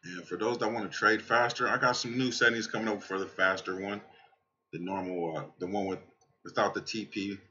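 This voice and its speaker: A man giving casual, excitable trading commentary over a screen share, swearing and talking straight to his viewers, tired from a night without sleep. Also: fairly low pitch, a little fast, highs cut off. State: tired from staying up all night. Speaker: crypto trading channel host.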